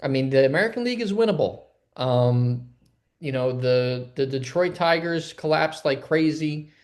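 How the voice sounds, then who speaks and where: A man co-hosting a casual sports podcast, talking in a relaxed way with lots of "um"s. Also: a little high, normal speed. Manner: laid-back, filler-heavy. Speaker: podcast co-host.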